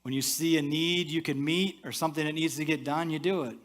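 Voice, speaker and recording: A male pastor preaches briskly and with a steady tone, speaking conversationally to the church congregation. When he offers asides, he lowers his voice to something soft and quiet.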